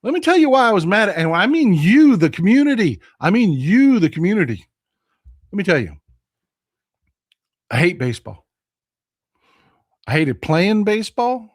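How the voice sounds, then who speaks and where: A man hosting a livestream, telling stories in an excitable, animated way with loud exclamations. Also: high voice, a little slow, pauses often, husky, no room sound, studio quality. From Texas. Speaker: livestream host. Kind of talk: casual chat.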